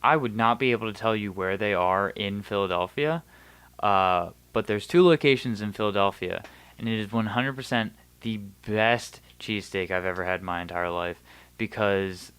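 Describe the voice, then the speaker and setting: A man in relaxed conversation, his voice smooth and resonant, recorded close and dry. He speaks bluntly and drops casual swears. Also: fairly low pitch, moderate pace, no room sound. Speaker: guest. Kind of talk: casual chat.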